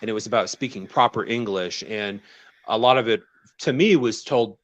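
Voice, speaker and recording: A man's voice: fairly low pitch, normal speed, no room sound, highs cut off. A man from the American South, a guest telling stories in casual conversation, laughing often. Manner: laughs often, relaxed storytelling.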